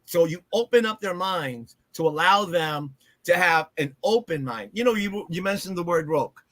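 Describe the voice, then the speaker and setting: A man's voice: high voice, moderate pace, fairly bright tone, dry recording. A man who works as a teacher, talking emphatically in a casual chat and agreeing often.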